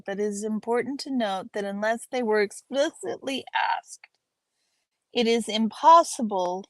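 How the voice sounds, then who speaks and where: A woman's voice: fairly high pitch, no echo, poor audio. A woman hosting a live stream, reading an academic paper aloud and breaking off to chat with her viewers. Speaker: livestream host reading aloud.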